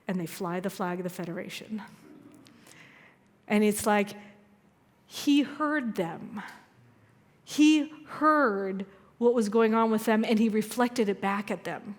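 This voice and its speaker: A woman minister giving a conversational sermon, telling stories with a chatty, self-deprecating humor. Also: mid-range voice. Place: church sanctuary. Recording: long hall reverb.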